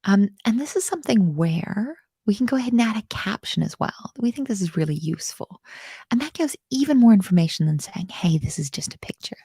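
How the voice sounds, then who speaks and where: Brief: woman coding instructor, animated and self-deprecating, husky, with a dry, close sound. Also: medium pitch, a little fast, no echo. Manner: bubbly, self-mocking, with murmured asides. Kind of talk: live coding lesson.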